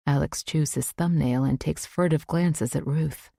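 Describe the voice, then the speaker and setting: A woman narrating a suspense audiobook in the first person, in a measured, tense way. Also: sits low, gravelly, warm tone, no room sound, studio quality.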